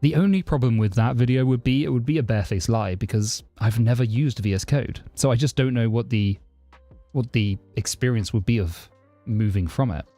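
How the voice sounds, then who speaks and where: A livestreaming programmer from southeast London speaks briskly in a mid-range voice, casually answering chat questions and warmly thanking his subscribers. His southern English accent is close to RP, though less posh. The recording is dry, with soft background music.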